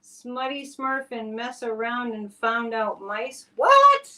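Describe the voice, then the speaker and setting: A woman's voice: fairly high pitch, fairly even intonation, slow pace, sharp tone. A woman hosting a live stream, giving casual political commentary in a chatty, exclamatory way with sarcastic asides. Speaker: psychic live-stream host.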